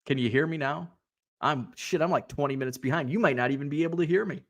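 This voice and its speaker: A man chats casually through a hobby livestream, his voice sitting a little high. He rambles, drops fillers and reads viewers' comments aloud as they come in. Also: fast. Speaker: livestream host reading chat.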